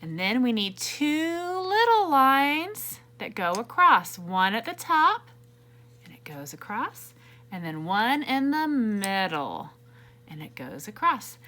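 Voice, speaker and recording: A woman teacher reading a picture book to young children and teaching letters, gentle and encouraging, asking them questions. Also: on the high side, sing-song, slow pace.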